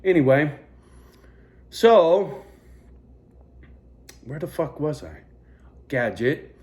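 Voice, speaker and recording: A man vlogging into a phone camera, telling a rambling story in a heavily profane, animated rant. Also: a little high, very slow.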